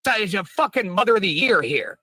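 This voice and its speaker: Man, radio guest, angry rant, profane, stammering, high pitch, dry. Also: expressive, quick pace, pushed and bright, dry recording. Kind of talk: heated talk radio rant.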